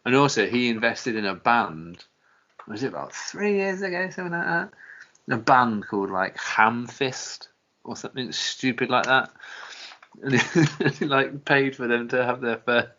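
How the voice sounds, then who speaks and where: A man's voice: medium pitch, animated, unhurried, sharp tone. A man hosting a podcast in casual, rambling chat, swearing and laughing as he goes. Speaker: podcast host. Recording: dull lo-fi podcast audio.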